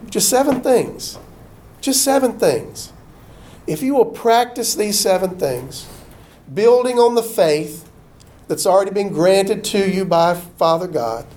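A man preaching a sermon, folksy and animated, acting out the quotes he tells. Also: high voice. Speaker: pastor.

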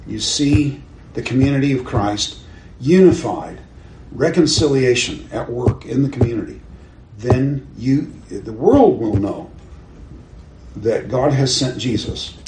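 An older man's medium-pitched, slightly mellow voice carries through a roomy recording with faint background noise. At a normal speed, he teaches a Bible class conversationally, asking questions of his listeners and chuckling at his own stories.

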